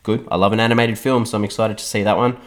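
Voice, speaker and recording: A man hosting a podcast, casually reviewing a film with a hoarse, partly lost voice and rambling restarts. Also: lowish voice, flat delivery, quick pace. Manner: rambling, thinking aloud with restarts. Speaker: podcast host.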